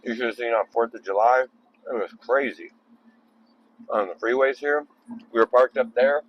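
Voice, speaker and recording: A man's voice: mid-range voice, normal speed, muffled recording, slight background noise. A man making a casual video while driving on the freeway at night, rambling with joking asides. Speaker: vlogger.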